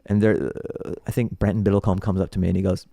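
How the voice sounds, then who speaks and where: A man's voice: deep voice, quick pace, gravelly, no echo, clean studio sound. A man who is a comedian guest, telling stories in casual podcast chat and laughing often. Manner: animated storyteller, laughs often.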